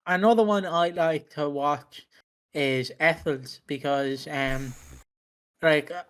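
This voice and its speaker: A person co-hosting a casual podcast chat who talks haltingly with many fillers, swears, and muses aloud. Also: medium pitch, a bit bright. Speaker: podcast co-host.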